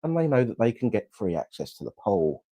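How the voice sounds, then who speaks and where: A man's voice: fairly low pitch, very animated, fast talker, warm tone, no room sound. A young man improvising a comedic travel story as co-host, playful and laughing often. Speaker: podcast co-host.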